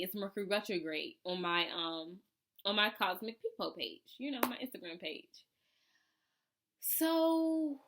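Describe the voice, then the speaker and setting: A woman telling a casual storytime to her followers, chatty and animated, acting out her own reactions. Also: medium pitch. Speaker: vlogger.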